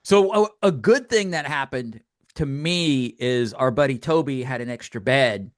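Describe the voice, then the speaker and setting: This older co-host of a podcast speaks in an unhurried, mid-range voice, captured dry with clean studio sound. Chatting casually, he brings his stories to life by acting out quotes.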